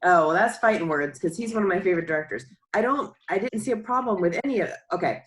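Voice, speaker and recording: Female co-host, lowish voice, emphatic and opinionated. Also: lively intonation, fast, low-quality recording. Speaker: podcast co-host. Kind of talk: casual podcast chat.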